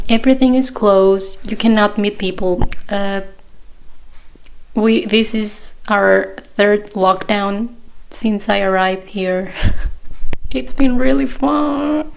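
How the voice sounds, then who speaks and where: Gravelly, slow-talking young woman. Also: medium pitch, a little hiss or hum. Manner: chatty, laughs often, self-deprecating. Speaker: podcast host. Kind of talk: casual solo podcast chat.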